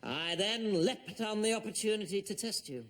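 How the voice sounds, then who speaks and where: Sardonic officer, cutting and deliberate. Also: male voice, high voice, animated, a bit bright. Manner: dry, sarcastic, deliberate. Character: sardonic English army captain, dry and cutting. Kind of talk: TV sitcom acting.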